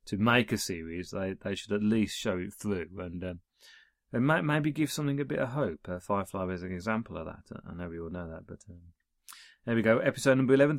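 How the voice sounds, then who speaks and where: A man's voice: fairly low pitch, no echo, studio quality. A man reading through an episode guide in a casual way, adding wry asides and small chuckles. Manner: reads listings, adds wry chuckling asides.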